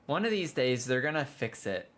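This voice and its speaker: This game streamer chats casually while playing a building game live, griping about bugs and letting out dramatic groans when things break. His medium-pitched voice is very animated and fairly bright, moving at a moderate pace, and he comes across as frustrated.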